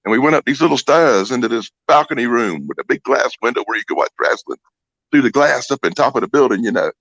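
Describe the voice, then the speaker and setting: A man spins stories in an animated, swooping voice that carries a gravelly edge. He swears freely and plays every character himself. The sound is dry and a bit dull, like lo-fi call audio. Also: mid-range voice, fast, dry recording. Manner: profane, animated storyteller who acts out the people in his stories. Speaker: guest storyteller. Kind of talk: casual storytelling chat.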